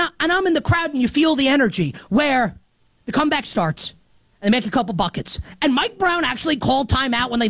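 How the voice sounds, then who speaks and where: A man from New York hosting a sports show, delivering an animated, emphatic monologue that swings between loud highs and muttered lows. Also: dry recording. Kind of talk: excited sports commentary monologue.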